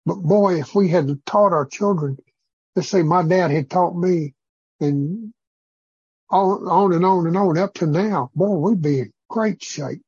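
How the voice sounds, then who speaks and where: A man's voice: sits high, unhurried, a little mellow, slightly rough, no echo, muffled recording. A man leading an informal church group, teaching in a rambling, preacherly way with many fillers. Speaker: group leader.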